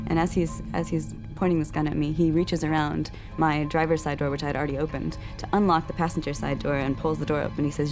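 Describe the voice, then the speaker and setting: A young woman telling the story of her kidnapping in a documentary interview, halting and earnest, with many restarts. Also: low voice, steady tone. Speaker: survivor recounting a crime. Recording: music bed under the voice.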